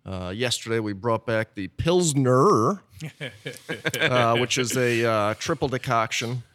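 A male brewer talks shop on a podcast. His voice is middle-pitched. He pauses on fillers between almost every phrase. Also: expressive, fairly bright tone. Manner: halting, heavy with "uh" fillers. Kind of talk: casual podcast chat.

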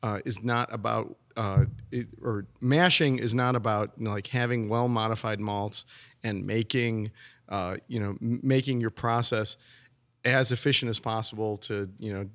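A man's voice: on the low side, steady tone, normal speed, a bit bright. A man who is a brewer, explaining his brewing process in casual podcast talk, often restarting and repeating words.

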